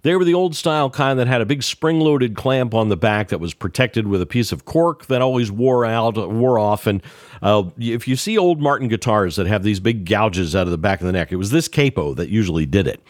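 A man telling an anecdote in a lively, casual way, acting out the dialogue as he goes. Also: lowish voice, brisk, no room sound, clean studio sound. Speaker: banjo player sharing a memory. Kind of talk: storytelling.

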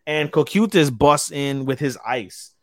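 A man's voice: fairly high pitch, measured pace, no room sound, studio quality. A man co-hosting a podcast in casual chat, rambling and swearing as he recaps an episode and hunts for names. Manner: rambling, profane, loses names mid-sentence. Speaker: podcast co-host.

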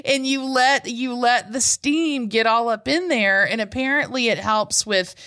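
A woman in her forties co-hosts a podcast over a remote call, teasing and giggling as she chats. Her voice is bright and slightly high-pitched. The recording is dry. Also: unhurried, no room sound. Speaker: podcast co-host. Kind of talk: casual chat.

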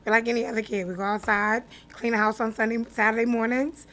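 A woman's voice: on the high side, fast. Direct woman. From Newark, New Jersey. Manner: direct, animated storyteller. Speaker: interview guest, business founder. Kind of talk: casual interview.

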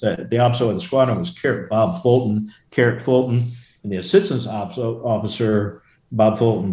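Middle-aged male storyteller, very low mellow voice, roomy echo, rambling anecdotal delivery. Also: slight background noise. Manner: rambling, self-correcting anecdotes with quoted voices. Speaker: former fighter pilot guest. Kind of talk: storytelling in a casual interview.

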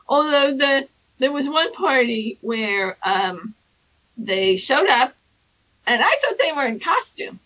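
A woman casually telling anecdotes in an animated way, acting out the people she quotes. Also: poor audio. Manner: animated, acts out quoted people in high squeaky voices. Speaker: storyteller guest.

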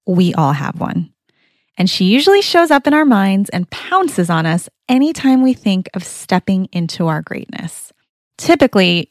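A woman's voice: on the low side, no room sound, clean studio sound. A woman hosting a show for moms, giving an upbeat, confiding talk straight to the listener. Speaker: podcast host. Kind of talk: scripted motivational talk.

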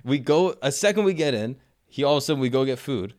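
A young man hosting a podcast, chatting casually and excitably and laughing often. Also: mid-range voice, fast. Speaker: podcast host. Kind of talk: casual chat.

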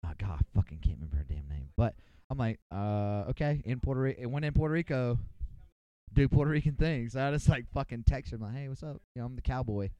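Smooth-voiced man telling a rowdy story. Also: medium pitch, fast talker, warm tone, no echo, muffled recording. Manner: rambling, profane, boisterous anecdote. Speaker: podcast co-host. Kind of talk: casual storytelling among friends.

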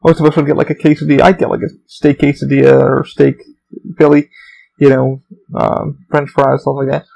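A man's voice: mid-range voice, little pitch movement, brisk, creaky, dark tone, rough recording. A young man hosting a podcast, telling meandering stories in a casual, profane way. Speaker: podcast host. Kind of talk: rambling casual monologue.

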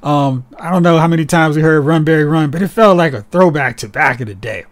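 A man co-hosting a casual podcast, talking in an animated, sarcastic way and slipping into mocking voices. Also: a little high, fairly quick. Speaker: podcast co-host. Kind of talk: casual chat.

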